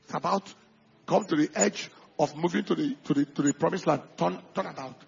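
A male pastor preaching a sermon, swinging from quiet asides to loud emphatic bursts and acting out the people he quotes. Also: fairly high pitch, fairly quick, creaky, slightly rough, lo-fi sound.

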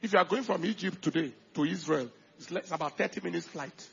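A male pastor preaching a sermon, swinging from quiet asides to loud emphatic bursts and acting out the people he quotes. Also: a little high, fast talker, vocal fry, husky, muffled recording.

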